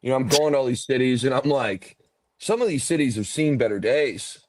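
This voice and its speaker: A man's voice: mid-range voice, animated, a little fast, a little hiss or hum. A man hosting a podcast, telling rambling stories in casual chat, swearing and laughing often. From Ontario, Canada. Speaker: podcast host, former football player.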